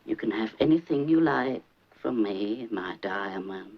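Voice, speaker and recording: A nagging, overbearing elderly mother in a 1970s film comedy, who fancies herself a psychic. She rambles and gossips, and her voice swoops high and low. The old soundtrack is dull and lightly hissy. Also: lively intonation, measured pace. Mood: fussing. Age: older. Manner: fussy, gossipy, rambling, theatrical swoops in pitch.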